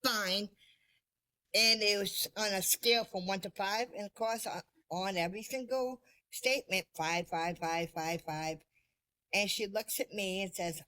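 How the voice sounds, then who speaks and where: A woman who is a podcast guest, telling her story in a casual, lively way, laughing often and poking fun at herself. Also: medium pitch, measured pace.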